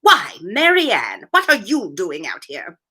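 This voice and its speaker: A woman's voice: medium pitch, huge pitch swings, measured pace, sharp tone, breathy edge, heavily acted. A woman reading aloud, voicing an anxious, fussy male rabbit who frets and scolds in clipped tones. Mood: scolding. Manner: fussy, fretting exclamations, clipped British-style emphasis.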